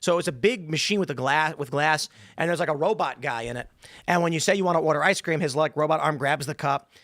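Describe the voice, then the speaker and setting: A quick-talking man with a bright, forceful voice chats on a podcast panel. He tells his stories with animation, jumping into a higher voice to act out what people said. The sound is dry and close to the mic. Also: dry recording. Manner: animated storyteller who acts out quotes in a higher voice. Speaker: podcast host. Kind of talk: casual panel chat.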